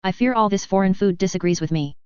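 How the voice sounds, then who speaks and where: A woman's voice: medium pitch, quick pace, clean tone, no room sound, lightly acted. A woman voicing a haughty, scheming noblewoman with a patronizing, smirking manner, in a dull, dry lo-fi recording.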